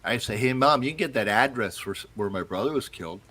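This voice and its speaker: A man, a paranormal investigator, in casual conversation, relaxed and telling stories. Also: mid-range voice, quick pace, slightly rough. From South Florida. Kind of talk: casual chat.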